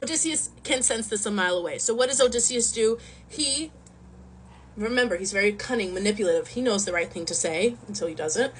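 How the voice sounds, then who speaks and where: A woman casually retelling a Greek myth in a slangy, animated storytelling manner. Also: medium pitch, brisk, slight background noise, poor audio.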